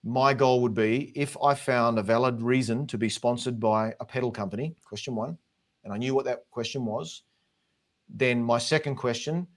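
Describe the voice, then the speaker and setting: A man's voice: medium pitch, steady tone, normal speed. A man with an Australian accent, a guest drummer giving earnest, encouraging advice in a casual chat. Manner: earnest, talks in long encouraging runs.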